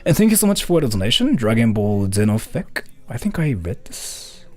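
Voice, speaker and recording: A man streaming live and chatting casually with viewers, who talks quickly, fills his speech with "like" and "uh", and laughs often. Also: mid-range voice, sing-song, darkish tone, soft background music. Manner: fast-talking, heavy on fillers like "like" and "uh"; laughs often while talking. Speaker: streamer answering donations. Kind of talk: casual livestream chat.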